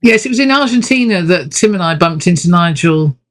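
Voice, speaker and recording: A woman's voice: on the low side, animated, a little fast. A woman co-hosting a podcast in casual chat, rambling a bit with restarts and wry asides. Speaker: podcast co-host.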